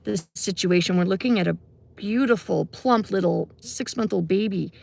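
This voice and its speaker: A middle-aged woman recounts a personal story on a casual livestream. Her voice sits at a middle pitch with a heavy vocal fry that runs through her sentences, and she talks in a loose, chatty way, with many "you know" and "um" asides. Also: normal speed, darkish tone. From Canada. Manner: conversational, many fillers and asides. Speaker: music teacher.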